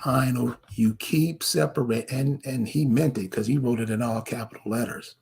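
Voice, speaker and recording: A man's voice: medium pitch, moderate pace, vocal fry, a little mellow, slight background noise. A man delivering a confrontational commentary, firing rhetorical questions straight at the viewer. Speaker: online commentator. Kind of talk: ranting commentary to camera.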